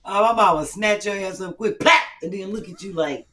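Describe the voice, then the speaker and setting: A woman's voice: mid-range voice, a little fast. A woman comedienne hosting a podcast, joking brashly and profanely and acting out scolding mothers. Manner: brash, profane, acts out scolding moms in lively voices. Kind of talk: casual comedic chat. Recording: distant mic with faint noise.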